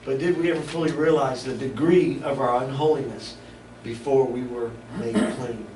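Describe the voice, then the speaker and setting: A man teaches a Bible study in a relaxed, conversational way, breaking off and restarting his thoughts. He is picked up from a distance in an echoey room. A steady hiss of background noise sits under his voice. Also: medium pitch, normal speed. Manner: conversational, stops and restarts often.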